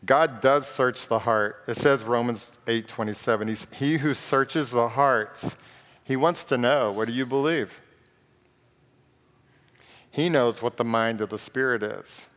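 A pastor preaching a sermon in a conversational, joking way and reading scripture aloud. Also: male voice, mid-range voice, a little slow, fairly bright tone. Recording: long reverb of a large hall.

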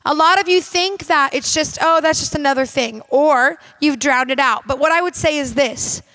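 Woman minister, high-pitched, dry close sound, emphatic conversational preaching. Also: moderate pace, bright, forceful tone, no echo. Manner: emphatic, direct and conversational, addressing the audience. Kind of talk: sermon.

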